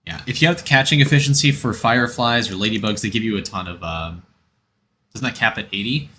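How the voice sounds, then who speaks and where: A man's voice: fairly low pitch, fairly quick, sharp tone, a little hiss or hum. A man streaming a game, chatting casually and rambling as he answers chat and gives game tips.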